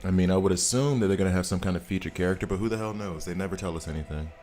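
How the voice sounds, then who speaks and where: Deep-voiced American man streaming casually. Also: racing, a little hiss or hum. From United States. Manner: chatty, laughs often, greets chat viewers. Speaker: game streamer. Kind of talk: casual live-stream chat. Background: soft background music.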